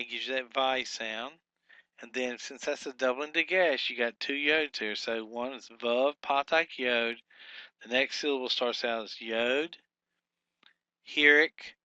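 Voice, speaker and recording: A man teaching a workbook lesson, talking slowly and deliberately with frequent fillers and repeated words. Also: medium pitch, bright, forceful tone, smooth, dry recording, lo-fi sound.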